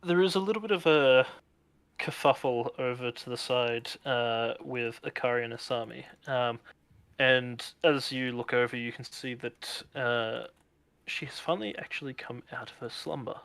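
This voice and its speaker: A man narrating as game master in a tabletop game, relaxed and rambling with many fillers. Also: mid-range voice, moderate pace, gravelly, no echo.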